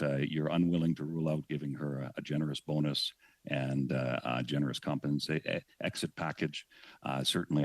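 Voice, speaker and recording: Very deep-voiced man questioning a minister. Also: no room sound. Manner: pointed, measured questioning. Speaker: member of parliament questioning a minister. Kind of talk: committee questioning.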